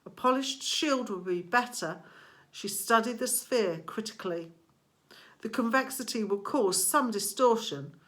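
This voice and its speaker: A woman's voice: a little high, measured pace, fairly bright tone. A woman voicing a clever, urgent teenage girl. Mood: instructive. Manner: urgent, commanding.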